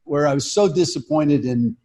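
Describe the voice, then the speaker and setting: An older man swaps stories in a loose comedians' chat. His voice sits a little high, and he jumps from halting restarts into lively acted-out quotes. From Colorado. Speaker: guest comedian. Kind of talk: casual chat.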